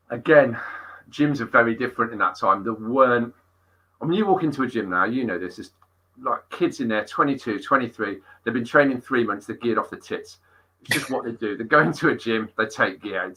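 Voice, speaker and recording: A middle-aged fitness coach tells gym stories in an animated, sweary podcast chat. His voice is forceful and tense, with a husky edge. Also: mid-range voice, normal speed, poor audio. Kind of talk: casual interview storytelling.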